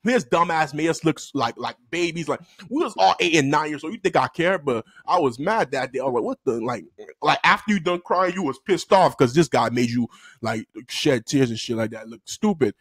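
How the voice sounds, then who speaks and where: A man's voice: fairly high pitch, a little fast, slightly rough, no echo. A man telling a childhood story in a casual vlog, slangy and loose with his language. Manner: animated, slangy, loose and profane.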